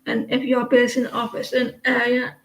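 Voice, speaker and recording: A woman's voice: fairly high pitch, monotone, brisk, fairly bright tone. A woman giving casual live tarot readings, talking hesitantly with many fillers and restarts. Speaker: tarot reader. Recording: dull lo-fi sound.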